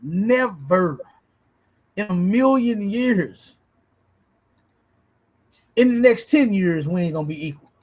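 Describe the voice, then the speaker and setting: A man with a rather high voice holds forth on a livestream, reacting to clips. He talks bluntly and preachily, curses freely, and keeps checking in with his listeners. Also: animated, slow pace, pauses often, a little mellow, rough recording. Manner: blunt, preachy, swears, asks "you understand?". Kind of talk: casual commentary on a livestream.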